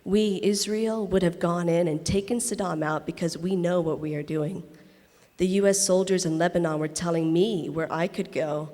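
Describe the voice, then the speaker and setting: A woman's voice: fairly low pitch, fairly even intonation, moderate pace, mellow, lightly acted. A woman reading a monologue aloud, voicing a blunt, opinionated Israeli woman veteran who lectures with rhetorical questions. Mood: insistent. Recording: reverberant convention hall.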